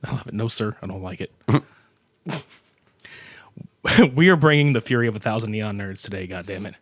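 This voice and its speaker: A man's voice: fairly low pitch, moderate pace, no room sound. Man, podcast co-host, casual chat, jokey, swears a lot, dry sound. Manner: loud, joking and laughing often, swears freely.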